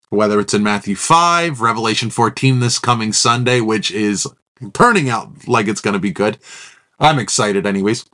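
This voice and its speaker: A man's voice: mid-range voice, a bit bright. A middle-aged man, a pastor, teaching a verse-by-verse sermon, thinking aloud with restarts and reading Scripture passages.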